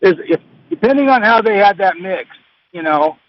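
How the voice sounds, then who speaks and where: A man calling in to a radio show, speaking in a halting, hesitant way with many fillers. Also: high-pitched, lively intonation, no room sound, lo-fi sound. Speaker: caller. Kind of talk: phone-in conversation.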